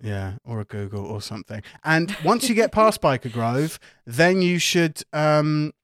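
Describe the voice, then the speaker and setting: A man runs a tabletop game, narrating with a lively, swooping voice. He jokes and swears casually, and the sound is dry and close. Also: a little high, unhurried, dry recording. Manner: animated, joking, swears casually. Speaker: game master.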